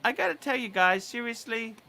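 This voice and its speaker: A man's voice: extremely high pitch, a little fast, creaky, bright, forceful tone. A man hosting a livestream in casual chat, blunt and crude in his remarks. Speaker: livestream host.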